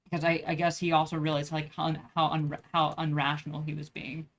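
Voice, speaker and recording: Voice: mid-range voice, monotone, fast. Young vlogger, loose rambling chat while drawing, swears a lot. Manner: rambling, profane, many restarts.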